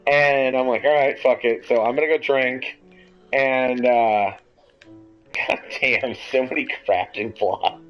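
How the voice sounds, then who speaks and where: A young man hosting a podcast, telling a long story in a casual, rambling, animated way and swearing freely. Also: mid-range voice, slow, soft background music. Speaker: podcast host. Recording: dull lo-fi audio.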